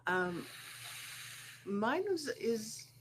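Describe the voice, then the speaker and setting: Chatty lady guest telling a funny story, lively, a bit of a hum in the background. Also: mid-range voice, extremely slow. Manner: chatty, lively, laughing now and then. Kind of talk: casual storytelling.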